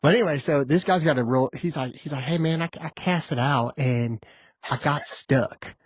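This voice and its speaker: A man's voice: a little high, moderate pace, husky, dry recording, clean studio sound. A man who is a guest on a podcast, telling stories in an easygoing casual chat.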